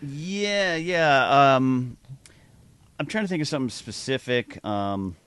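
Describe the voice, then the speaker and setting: A man as a podcast guest, an author telling animated stories and acting out the people in them. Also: medium pitch, takes it slowly, clear, resonant tone. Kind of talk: podcast conversation.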